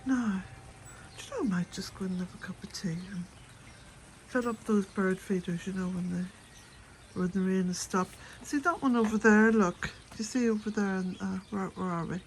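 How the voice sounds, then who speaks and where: A woman's voice: mid-range voice, moderate pace, a little hiss or hum. Irish woman, own voice, gardening vlog, chatty and laughing, slightly breathless outdoors. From west of Ireland. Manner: chatty, rambling, laughs often. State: a bit out of breath. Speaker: cottage gardening vlogger. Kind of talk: casual chat to camera. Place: outdoors at a cottage garden and shed.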